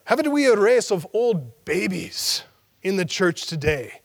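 Man imitating an old Irish preacher, Northern Irish accent, thundering questions, high voice. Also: very animated, unhurried, gravelly, exaggerated voice. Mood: scolding.

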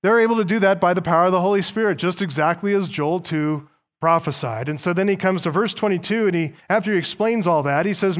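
A man preaching a sermon as pastor. He reads scripture aloud, explains it point by point, and slows down to stress key words. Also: sits high.

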